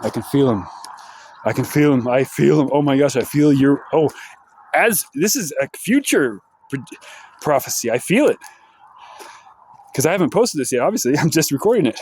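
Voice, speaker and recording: A man's voice: on the high side, animated, normal speed, long pauses, darkish tone, slight background noise. A man delivering a rambling, profane, sardonic monologue for his vlog, outdoors in the sunshine. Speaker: vlogger.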